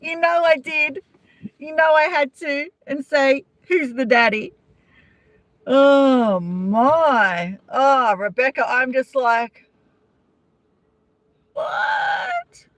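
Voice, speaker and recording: A woman's voice: high-pitched, slow, no room sound. A woman with an Australian accent hosting a casual live-stream chat, gossiping and answering viewers' comments by name. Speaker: vlogger chatting with live viewers.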